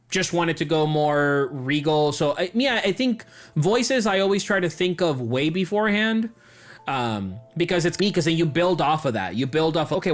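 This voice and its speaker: Animated game master with higher pitch. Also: male voice. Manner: animated, acts out quoted characters. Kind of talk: casual podcast chat.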